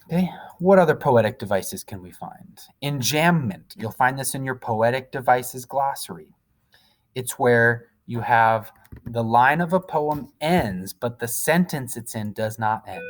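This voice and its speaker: A man's voice: medium pitch, animated, moderate pace. A male teacher going through a poem in a recorded lesson, explaining step by step and checking in with "okay?".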